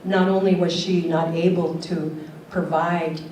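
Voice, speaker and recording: A woman's voice: lowish voice, level tone, unhurried, a little mellow, a little hiss or hum. An older woman, a keynote speaker at a conference, talking earnestly and telling stories. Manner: earnest, questioning, tells stories. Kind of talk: conference talk. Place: conference hall. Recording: roomy hall audio from a distance.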